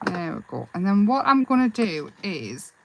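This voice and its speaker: A woman hosting a live craft demonstration, chatting in a relaxed, rambling way and answering viewers' comments as she works. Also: mid-range voice, normal speed, gravelly, slight background noise, rough recording. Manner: relaxed, self-deprecating. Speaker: craft livestream host.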